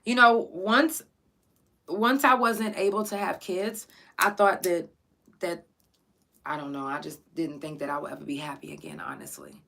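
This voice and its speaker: A podcast host delivers a casual, emotional monologue on her own show, swearing freely, excitable, and close to tears. Her voice is fairly low with vocal fry, at a normal speed.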